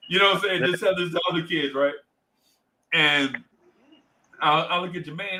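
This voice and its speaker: This livestream host's voice is high-pitched and brisk, broken up by long pauses, and the low-quality recording has slight background noise. He spins an animated story, acts out the voices, and reads viewers' chat comments aloud.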